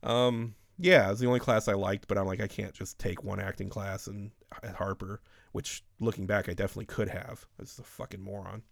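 A man's voice: fairly low pitch, steady tone, a little fast, vocal fry, hardly any pauses, no echo, clean studio sound. Profane, rambling man in casual chat.

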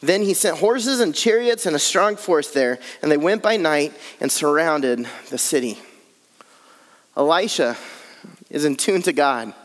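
High-voiced preacher in a reverberant hall. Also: male voice, animated, a little slow. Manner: earnest, builds repetitive lists. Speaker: pastor. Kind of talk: sermon.

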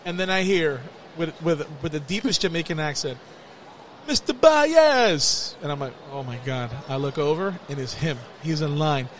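A man's voice: on the high side, fairly quick, few pauses, slight background noise. A man hosting a podcast in casual chat, telling stories with lots of laughter. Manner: animated storyteller, laughs often. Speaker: podcast host.

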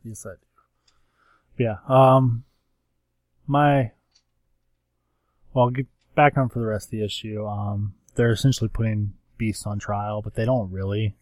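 A man with a somewhat low voice talks through a comic issue in a loose, rambling way. He fills the gaps with ums and slips into quick quoted lines from the characters. The sound is dry and close, with no room around him. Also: steady tone, a little mellow, dry recording. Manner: rambling recap with acted-out quotes and many fillers. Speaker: comics podcast co-host. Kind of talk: casual chat.

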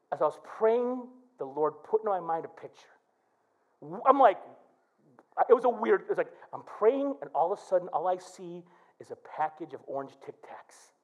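A man's voice: high voice, muffled recording. A middle-aged male pastor preaching a sermon, telling stories and acting out prayers. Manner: animated preaching with quoted prayers.

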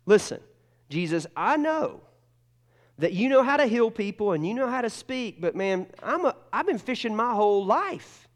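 A man's voice: sits high, very animated, moderate pace, voice pushed up. A man playing a weary, stubborn veteran fisherman who pleads in exasperation. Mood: exasperated.

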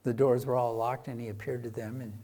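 Man, preacher, conversational sermon, storytelling, swings from loud emphasis to soft quiet lines. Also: medium pitch, little pitch movement, a little fast. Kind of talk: sermon retelling a Bible story.

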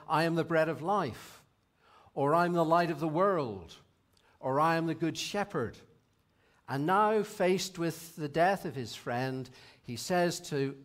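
Reflective man preaching a sermon. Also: a little high. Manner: measured, reflective, reads scripture aloud. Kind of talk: sermon reading.

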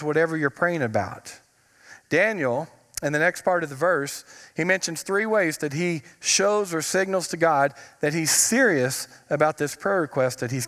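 A man's voice: a little high, a bit bright. A man preaching a sermon as a pastor, telling humorous stories and stretching out words for emphasis. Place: church. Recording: long reverb of a church sanctuary.

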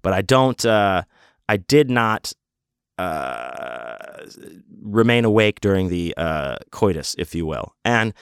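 A man's voice: sits low, sing-song, slow pace, gravelly, clean tone, no room sound, studio quality. A man telling a casual, rambling story full of swearing, fillers and restarts.

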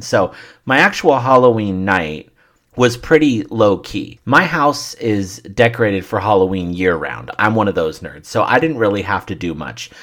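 A man's voice: sits low, fairly bright tone. A man hosting his own comedy podcast, telling crude, irreverent stories in a wry, offhand monologue. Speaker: podcast host.

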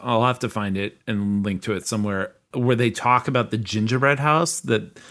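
A man with a low voice in a relaxed podcast conversation. He talks with eager emphasis and a sentimental, teary streak. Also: normal speed. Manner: enthusiastic, emphatic, gets choked up. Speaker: podcast co-host. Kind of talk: casual chat.

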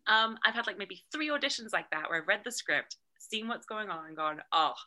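Animated bright-voiced British woman. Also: mid-range voice, brisk. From Britain. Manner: animated, acts out quoted voices, swears casually. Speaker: guest, burlesque performer and actor. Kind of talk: casual interview chat.

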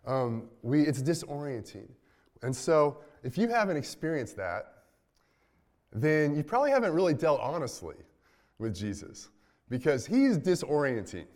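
A man's voice: fairly high pitch, sing-song, normal speed. Man preaching an easygoing sermon. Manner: conversational, many restarts, dips quiet at line ends. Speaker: pastor.

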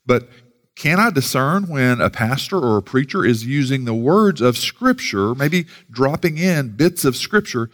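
A man's voice: mid-range voice, animated, unhurried, a bit bright. Man preaching a casual, rambling sermon. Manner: casual, rambling delivery with many fillers and restarts. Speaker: pastor.

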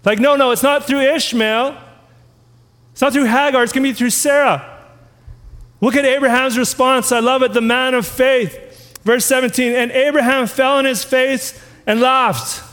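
A man with a strikingly high voice preaches a sermon. He reads scripture aloud and keeps putting questions to his listeners. His voice rings with a long reverb in a church hall. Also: fairly even intonation, moderate pace, fairly bright tone. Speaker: pastor.

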